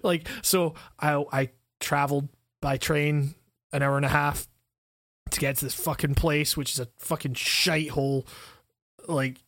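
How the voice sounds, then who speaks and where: A young man with a Scottish accent chats casually, his voice sitting a little high and sounding dry and close. He tells rambling, profane stories and laughs often. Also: unhurried, no room sound. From Scotland. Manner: profane, animated storytelling with frequent laughs. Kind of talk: casual chat.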